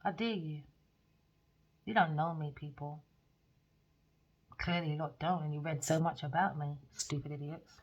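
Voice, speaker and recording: A woman voicing a defiant, proud woman priestess who taunts and scorns her onlookers, quietly and with contempt. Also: sits low, steady tone, normal speed, long pauses, muffled recording, pitched below the performer's own voice. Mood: taunting.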